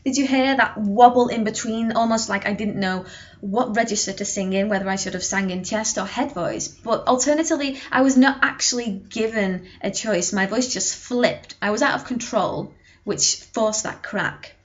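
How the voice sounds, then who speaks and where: A woman's voice: mid-range voice, normal speed, lo-fi sound. A young woman singing teacher giving a vocal lesson to camera, explaining technique with sung and spoken demonstrations.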